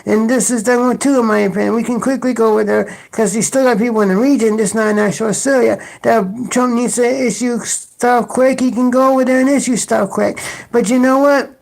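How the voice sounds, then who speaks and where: Gravelly voiced angry political ranter. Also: medium pitch, steady tone, fairly quick, a little mellow, poor audio. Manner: combative, scolding, sarcastic. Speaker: political commentator.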